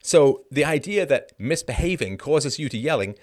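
Hosting a live podcast, a middle-aged man reads from an article and interrupts it with sarcastic, emphatic remarks. His intonation is lively at a moderate pace, and his pitch shoots up sharply when he grows indignant.

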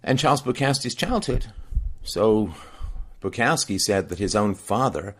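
Low-voiced man, emphatic film commentary. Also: lively intonation, measured pace, fairly bright tone, husky. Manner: emphatic, repeats key phrases for effect. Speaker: host reviewing a film. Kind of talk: spoken film review commentary.

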